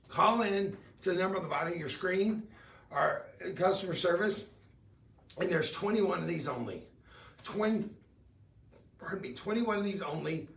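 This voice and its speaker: A man's voice: high-pitched, gravelly, roomy sound, recorded from a distance. A middle-aged man hosting a live jewelry sales stream, chatty and upbeat, weaving in personal stories. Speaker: shopping channel host.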